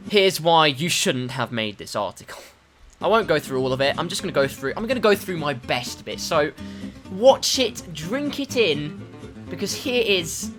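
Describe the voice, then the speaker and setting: A man giving a sarcastic, swearing commentary about a racing video game on a desktop USB mic. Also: fairly high pitch. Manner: sarcastic, swearing, swings to shouting. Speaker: gaming commentator.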